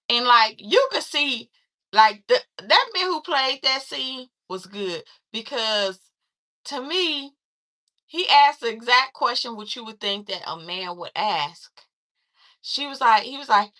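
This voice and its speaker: A woman chatting through a casual movie recap, acting out quoted lines in a lively, conversational way. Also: a little high, unhurried. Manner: chatty, animated retelling with quoted voices. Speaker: film reviewer.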